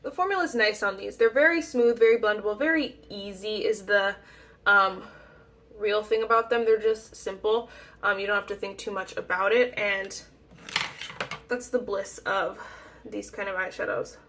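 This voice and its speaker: A young beauty YouTuber chats casually through a makeup tutorial, rambling and poking fun at herself with frequent ums and little laughs. Her voice is medium-pitched and a bit bright, at a normal speed.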